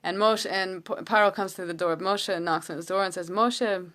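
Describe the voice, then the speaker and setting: Earnest, halting woman teaching Torah. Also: fairly low pitch, fairly even intonation, fairly bright tone. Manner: earnest, halting, many restarts. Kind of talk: casual Torah talk, storytelling. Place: home.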